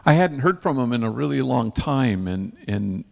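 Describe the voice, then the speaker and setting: Gravelly-voiced priest telling a story. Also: male voice, mid-range voice, animated, moderate pace, a little mellow. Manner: earnest, sprinkles Spanish slang. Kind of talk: storytelling talk at an event. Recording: long hall reverb.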